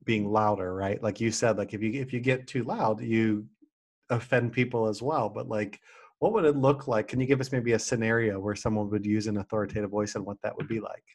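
A man hosting an interview, curious and chatty, asking follow-up questions in a relaxed way. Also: mid-range voice. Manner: curious, chatty, with small restarts. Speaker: podcast host. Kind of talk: casual interview chat.

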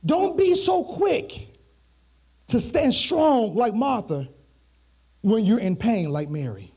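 A man's voice: very high-pitched, very animated, slow, darkish tone, breathy edge. A male pastor preaching a sermon with a musical, sing-song delivery, repeating phrases for emphasis. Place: church streamed online.

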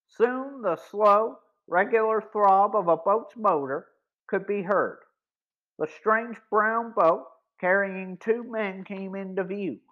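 Man reading a mystery story slow and steady, dull lo-fi recording. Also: high-pitched. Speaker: audiobook narrator. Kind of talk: scripted story narration.

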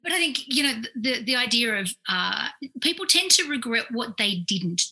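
A woman, a clinical psychologist, telling stories in a casual, animated way, full of fillers and quoted asides. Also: a little high, normal speed, low-quality recording. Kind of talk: casual storytelling in conversation.

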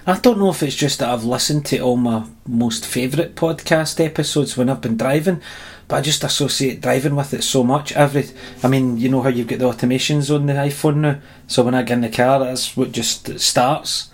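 A Scottish man co-hosting a casual podcast chat, telling stories with lively energy and laughing easily. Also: mid-range voice, slightly rough. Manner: animated storyteller, quick to laugh. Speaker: podcast co-host.

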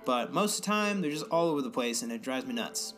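Young male co-host, profane ranter, high bright voice, light music underneath. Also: expressive, fast talker. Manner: profane, ranting, mimics others in high voices. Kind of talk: casual profane chat.

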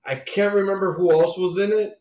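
A man casually chatting on a podcast, animated, swearing and acting out bits of comic dialogue. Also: high voice, brisk, reverberant. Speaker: podcast co-host. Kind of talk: casual comic book chat.

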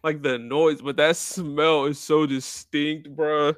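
A man's voice: fairly high pitch, little pitch movement, slow pace. Young man telling rambling stories. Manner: rambling, filler-heavy storytelling. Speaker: podcast co-host. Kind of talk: casual podcast chat.

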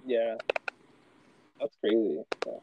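A man's voice: fairly low pitch, takes it slowly, narrow, tinny audio, very noisy. A man hosting a casual chat, telling a story in a rambling way with lots of fillers. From Los Angeles. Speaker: podcast host.

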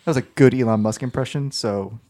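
Fast-talking man in casual podcast chat. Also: mid-range voice, darkish tone. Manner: talkative, speculative, lots of "like". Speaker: podcast co-host.

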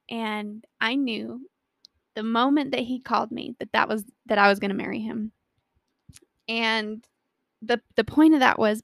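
A young woman shares a personal faith story, acting out each quote with lively energy. Her voice sits a little high and has a gravelly, creaky texture. The sound is dry and close, with no room around it. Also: no room sound. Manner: animated storytelling with acted quotes. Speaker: Christian speaker.

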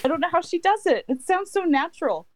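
A woman's voice: very high voice, big pitch swings, fast, dry recording. A middle-aged woman chatting casually as a podcast co-host, laughing often and trailing off into restarts. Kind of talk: casual chat.

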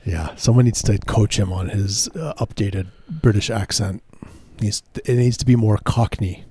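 A man with a low, mellow voice hosts a jokey radio chat, delivering absurd riffs in a deadpan way. He stumbles and restarts as he goes. The sound is close and dry. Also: normal speed, husky, no room sound. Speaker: comedy radio host. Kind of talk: joking casual banter.

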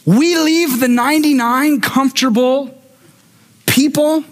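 A man's voice: extremely high pitch, slow pace. A male pastor delivering a sermon, telling stories with humorous asides and acting out the voices of the people he quotes.

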